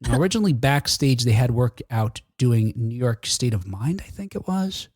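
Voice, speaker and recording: A man with a husky voice chats loosely as a show co-host, his pitch bouncing up and down as he tells stories. He laughs often, and the sound is close and dry. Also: big pitch swings, moderate pace, a little mellow, no echo. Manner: chatty storyteller, laughs often. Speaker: podcast co-host. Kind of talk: casual chat.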